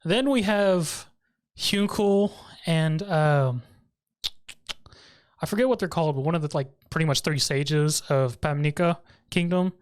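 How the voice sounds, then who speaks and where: A man's voice: fairly high pitch, unhurried, clear, resonant tone. A man co-hosting a podcast, casually recapping an anime episode, laughing often and briefly mimicking the characters. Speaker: podcast co-host.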